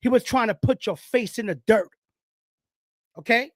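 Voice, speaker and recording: A man hosting his own football talk show, speaking casually and excitedly, preaching to viewers and whooping as he hypes his segments. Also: very high-pitched, moderate pace, dry recording, studio quality. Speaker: sports show host. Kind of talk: casual sports talk monologue.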